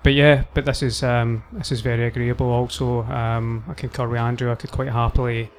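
A man, a guest, slowly musing on a beer's taste in casual chat. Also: medium pitch, level tone, a little hiss or hum. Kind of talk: casual beer tasting.

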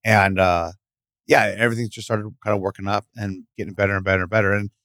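Middle-aged male guest, low voice, animated storyteller, dry studio sound. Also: fast talker, no echo. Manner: animated, acts out voices in stories. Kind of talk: casual interview storytelling. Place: podcast studio.

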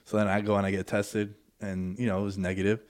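A man hosting a casual podcast, telling stories in an animated, profane way. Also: lowish voice, fast talker. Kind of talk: casual storytelling chat.

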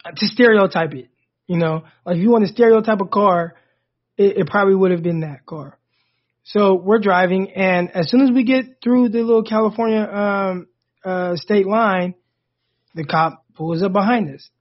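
A man in his thirties, co-hosting a podcast and telling a personal story in a casual, animated way that rises sharply when he gets indignant. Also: sits high, normal speed. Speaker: podcast co-host. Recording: dull lo-fi sound.

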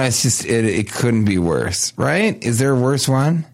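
Guy cohosting a comedy podcast, deadpan and crude, loose banter. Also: medium pitch, measured pace.

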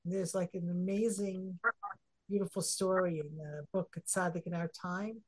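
A woman, a rebbetzin, leading a casual Torah discussion and telling stories with animated emotion. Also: lowish voice, moderate pace, breathy edge.

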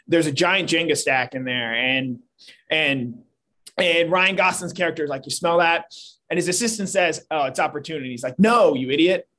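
A man's voice: a little high, a bit bright. A man co-hosting a casual sports talk show, analytical and prone to restarting his sentences. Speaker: sports podcast co-host.

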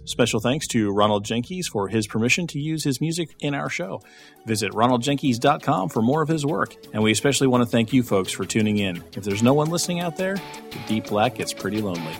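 A jokey male podcast co-host with an expressive, lively voice who laughs easily. He talks casually while faint music plays in the background. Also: mid-range voice, fast. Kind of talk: casual chat and show outro.

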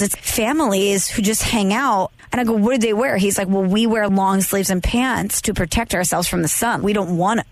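A young American woman co-hosting a casual podcast, telling a story in an animated way and slipping into the voices of the people she quotes. Her pitch sits in the middle, and the sound is dry and close with no room echo. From United States. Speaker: podcast co-host. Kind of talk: casual chat.

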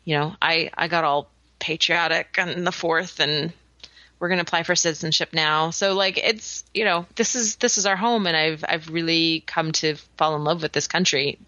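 A woman's voice: deep voice, steady tone, moderate pace, bright, forceful tone, no echo, highs cut off. A woman in her thirties from Canada with a light Canadian accent, co-hosting a podcast in casual, laughing chat with frequent restarts. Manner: chatty, laughs often, many restarts. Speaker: podcast co-host.

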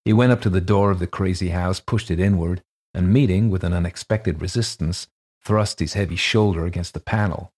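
Deep husky-voiced male story narrator. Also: fairly quick, a little mellow. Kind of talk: audiobook reading of a ghost story.

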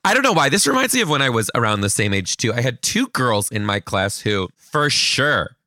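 A man, hosting a podcast, telling funny stories and reading listener emails in an animated, sarcastic way. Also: a little fast, no room sound, studio quality. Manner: animated, sarcastic, jumps into high mocking voices. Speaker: podcast host.

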